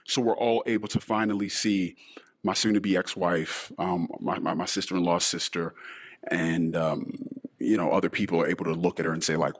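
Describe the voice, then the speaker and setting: A middle-aged man hosting a personal monologue podcast in a deliberately disguised voice, talking in an emotional, halting way with sighs. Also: low voice, steady tone. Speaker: podcast host.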